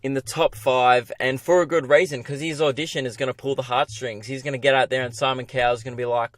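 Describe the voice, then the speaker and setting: A man's voice: mid-range voice, fast talker, dry recording. Aussie comedian guy ranting a funny story, swears a lot, mocks himself, dry close sound. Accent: Australian. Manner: animated, profane, self-mocking. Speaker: comedian and podcast host. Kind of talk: comic storytelling monologue.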